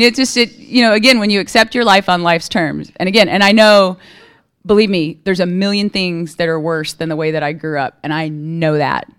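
A woman with a lowish, slightly bright, smooth voice gives a candid recovery testimony at a meeting. She's conversational and keeps checking in with listeners, often asking "right?"

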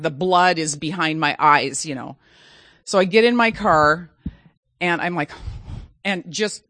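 A woman's voice: deep voice, fairly bright tone, no echo. A middle-aged woman telling a personal story in a dramatic, self-mocking way.

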